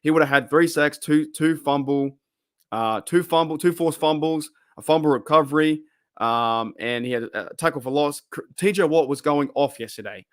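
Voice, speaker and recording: An Australian man in his younger years talks through a live fan stream in a loose, excitable ramble. He swears casually, restarts his sentences often and lets his enthusiasm carry him. His voice sits slightly higher than most men's. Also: moderate pace, no room sound, clean studio sound. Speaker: fan podcast host.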